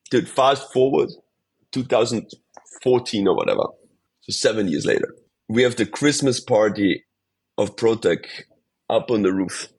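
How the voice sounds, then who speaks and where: A man from Austria, a native German speaker, telling stories in a casual, animated podcast interview and swearing freely. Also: lowish voice, husky. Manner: animated storyteller, swears casually, says dude a lot. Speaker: podcast guest.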